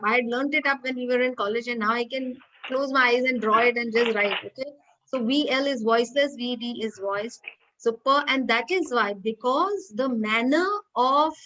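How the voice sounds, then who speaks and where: High-voiced Indian English woman teaching. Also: fairly bright tone, lo-fi sound. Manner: patient, explains step by step, repeats key points. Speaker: lecturer. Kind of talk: online class lecture.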